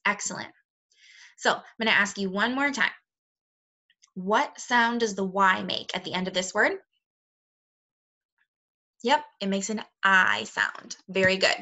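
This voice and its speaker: Bright-voiced woman teaching phonics. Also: medium pitch. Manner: slow, clear, encouraging teacher talk to young children. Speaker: second grade teacher. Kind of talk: recorded remote phonics lesson.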